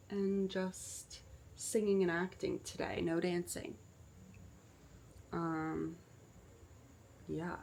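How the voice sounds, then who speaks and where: A young woman chats straight to her camera in a relaxed vlog, her voice sitting a little low. She talks loosely and keeps dropping in "like" as she goes. The tone is casual and personal. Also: a little hiss or hum. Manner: chatty, with frequent "like" fillers. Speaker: actor and vlogger.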